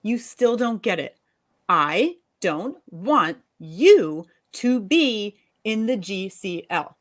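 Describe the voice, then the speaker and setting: A woman reading the part of a fed-up young wife and mother, sharp and sarcastic with her husband. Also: mid-range voice, expressive, brisk, close to an everyday voice. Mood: scolding. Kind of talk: live fiction reading.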